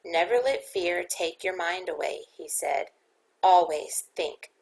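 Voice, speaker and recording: A woman reader voicing a man telling a dramatic ghost story by the fire, with a low, gravelly tone. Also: steady tone, slow, a little mellow, poor audio. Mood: tense. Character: old man storyteller spinning a ghost tale.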